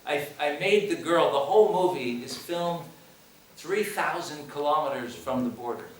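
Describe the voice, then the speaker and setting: A man's voice: fairly high pitch, moderate pace. Emphatic man in an echoey hall. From United States. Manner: emphatic, repeats phrases, asks rhetorical questions. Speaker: film director. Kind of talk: post-screening Q&A talk. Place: cinema hall. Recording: echoey hall, voice from far off, faint noise.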